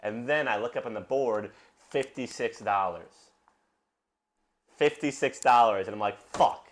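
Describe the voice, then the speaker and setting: A man's voice: medium pitch, measured pace. A young man from Brooklyn, hosting a podcast and telling rambling, profane stories in casual chat. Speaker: podcast host.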